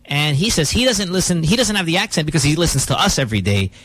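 Man, morning radio host, joking banter, lively pitch. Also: fast. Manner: joking, code-switching into Tagalog.

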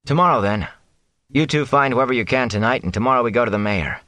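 A man's voice: mid-range voice, fast talker, sharp tone, no room sound, pitched above the performer's own voice, close to an everyday voice. A man reading an audiobook, voicing an earnest, worried young farm son with a tense manner. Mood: resolved. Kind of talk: audiobook character voice.

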